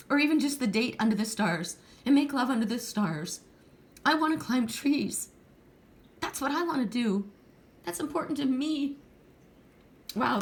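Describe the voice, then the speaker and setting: Emotional, rambling woman reading cards. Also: a little high. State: tearful at times. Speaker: tarot card reader. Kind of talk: pick-a-card reading monologue.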